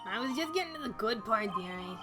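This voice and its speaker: A nosy, chatty old woman working as a security guard drawls her words and calls everyone dearie, as a woman streamer puts her on. Her voice sits a little high. Game music plays loudly under her. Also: expressive, brisk, close to an everyday voice. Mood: gossipy. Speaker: streamer reading game dialogue.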